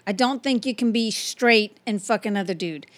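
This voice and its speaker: A woman's voice: medium pitch, moderate pace. A woman co-hosting a podcast in casual chat, blunt and outspoken with her opinions. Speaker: podcast co-host.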